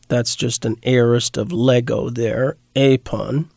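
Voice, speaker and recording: A man lecturing slowly and haltingly, full of fillers and restarts, and leaning hard on the Greek words. His voice has a gravelly edge, and the recording is dry and close. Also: medium pitch, fairly even intonation, darkish tone, no echo. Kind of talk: unscripted lecture.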